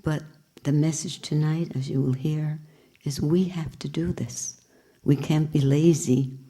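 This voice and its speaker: A woman's voice: low-pitched, steady tone, a little slow, warm tone, breathy edge. A woman teacher giving a spiritual talk with storytelling, earnest and reflective.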